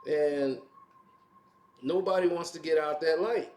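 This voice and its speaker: Male commentary host, slow and laughing, set in a roomy, echoey space. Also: fairly high pitch, steady tone, a little mellow. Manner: laughs often, mocking asides. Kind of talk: casual opinion commentary.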